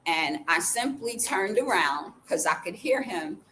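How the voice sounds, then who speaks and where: A woman vlogger telling a personal story in a casual way, acting out the quoted dialogue with lively changes of voice. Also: on the low side, measured pace, slight background noise, low-quality recording. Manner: animated, acts out the quoted dialogue.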